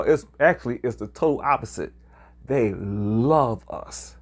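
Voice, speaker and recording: A man's voice: mid-range voice, animated, a little slow, husky. A man, casually talking to viewers about his travels, rambling and hesitant with many fillers. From New York, Harlem. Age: 60s. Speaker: traveler sharing experiences. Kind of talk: casual video talk to viewers.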